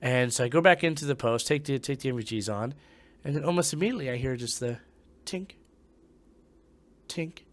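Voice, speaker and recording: A young man, a former Marine, telling a ghost story in a casual, profane way, dropping to hushed tones and breaking into loud bursts. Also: mid-range voice, quick pace.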